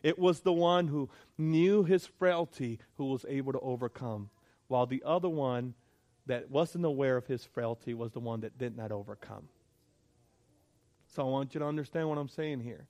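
A man's voice: mid-range voice, moderate pace, darkish tone. A male pastor preaching a sermon, emphatic, repeating his points and checking in with the congregation.

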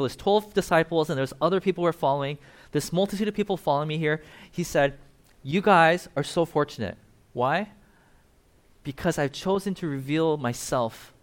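A man preaching a sermon, animated, acting out quoted lines with rising energy and laughing now and then. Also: fairly high pitch. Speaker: pastor.

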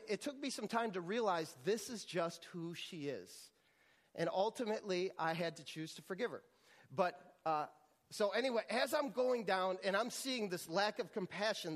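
A man's voice: high-pitched, fairly bright tone, in a large hall. A man preaching a sermon as pastor, telling a story with frequent restarts and repeated words.

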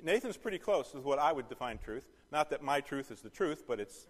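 A man's voice: mid-range voice, expressive, brisk, big-room sound. A man teaching a Bible study, asking the class questions and repeating key phrases.

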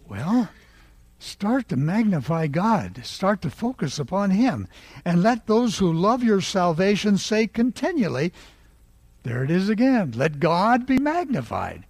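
A man preaching a sermon, leading the congregation in call-and-response and rising to loud exclaiming. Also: sits high, no room sound.

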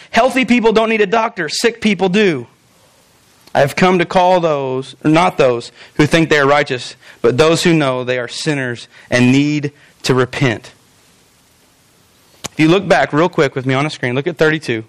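Animated higher-voiced male pastor preaching. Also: dry recording. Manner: animated, acts out quoted voices. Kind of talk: sermon.

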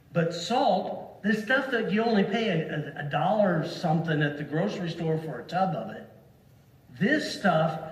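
A man preaching a sermon to a congregation, slow and deliberate, leaning hard on single words to stress them. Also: fairly high pitch. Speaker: pastor. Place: church sanctuary. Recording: echoey hall from far off.

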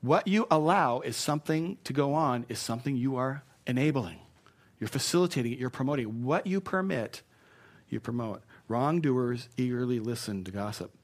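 A male preacher delivering a sermon in a loose, conversational way. He pokes fun at himself and circles back to repeat his main phrases for emphasis, at a middling pitch. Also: normal speed. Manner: conversational, self-deprecating, repeats key phrases.

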